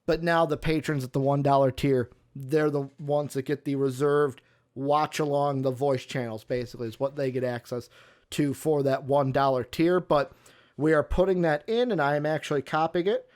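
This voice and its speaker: A man's voice: on the high side, normal speed, darkish tone. A man hosting a live sports talk show, running through announcements in an upbeat way with some fillers. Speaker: show host.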